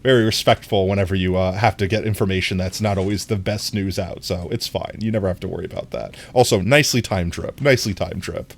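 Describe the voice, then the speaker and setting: A live streamer in casual gameplay chat, playful and giggly, often jumping into a squeaky high voice, talking into a desk microphone. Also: quick pace, gravelly, hardly any pauses.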